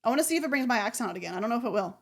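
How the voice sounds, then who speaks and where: A woman's voice: fairly high pitch, expressive, very fast. A woman streamer from the American South with a slight Southern accent, chatting casually as she reacts to a video. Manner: chatty, laughing asides.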